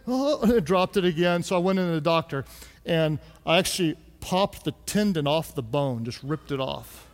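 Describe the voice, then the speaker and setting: A man's voice: fairly high pitch, expressive, moderate pace. A man preaching a sermon, joking and asking the congregation to answer aloud. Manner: conversational and joking, calls the crowd to answer aloud. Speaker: pastor. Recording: echoey hall.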